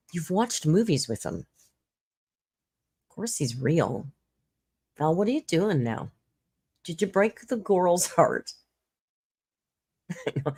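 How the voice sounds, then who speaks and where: A woman with a low voice hosts a casual livestream, chatting, laughing often, and reading viewer comments aloud. The sound is clean studio audio with no room sound.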